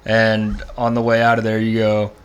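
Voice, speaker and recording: A young man hosting a comedy podcast, teasing his guest with deadpan jokes in casual chat. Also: lowish voice, moderate pace, clear, resonant tone. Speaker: podcast host.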